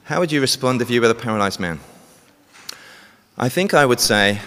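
A man's voice: mid-range voice, lively intonation, moderate pace, long pauses, bright, forceful tone. A man preaching a sermon, telling a story and asking the congregation questions. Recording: long hall reverb.

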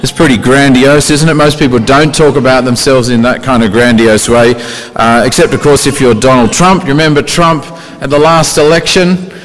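A man preaching a conversational sermon, with rhetorical questions and sudden emphatic rises in pitch. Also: fairly even intonation, normal speed. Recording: reverberant hall.

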